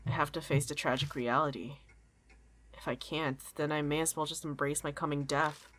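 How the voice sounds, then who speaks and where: A woman's voice: sits low, little pitch movement, moderate pace, fairly bright tone, a little hiss or hum. A woman streamer reading and narrating a horror game playthrough, swearing and joking with co-players. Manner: reads game text, swears, jokes with co-players.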